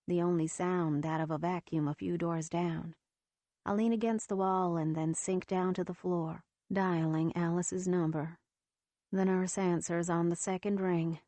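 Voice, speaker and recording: A woman narrating a first-person romance audiobook in a steady, measured reading. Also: fairly low pitch, no room sound.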